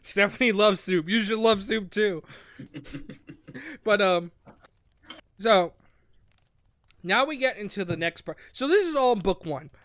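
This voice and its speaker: A man's voice: high-pitched, animated, unhurried, long pauses, fairly bright tone. A man co-hosting a casual online talk show, recapping a childhood book in a rambling, profane way and slipping into goofy character voices. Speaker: podcast co-host.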